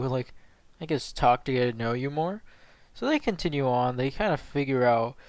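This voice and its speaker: A man's voice: on the high side, dry recording. A man casually telling an improvised fan story, rambling and swearing as he talks. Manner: rambling, profane, offhand.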